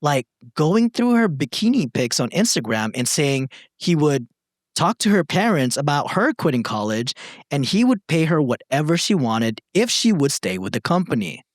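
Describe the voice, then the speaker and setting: An animated young man co-hosting a podcast, his voice slightly high and full of swooping pitch. He reads a story aloud in a dry, close recording, then slips into loose, joking banter with friends. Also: normal speed, no room sound. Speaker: podcast co-host reading stories. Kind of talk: reading aloud and casual chat.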